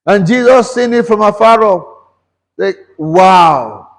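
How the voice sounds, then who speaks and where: A man's voice: high-pitched, lively intonation, takes it slowly, in a large hall. A man preaching a sermon, questioning the congregation and mixing English and Yoruba. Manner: switches between English and Yoruba. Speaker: pastor.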